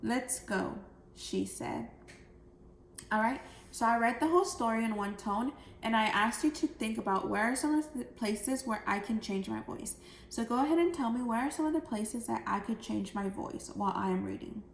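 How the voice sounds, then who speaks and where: A woman second grade teacher giving a recorded phonics lesson, explaining step by step in a clear way to young children. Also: a little high, a little fast. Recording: echoey room, faint background noise.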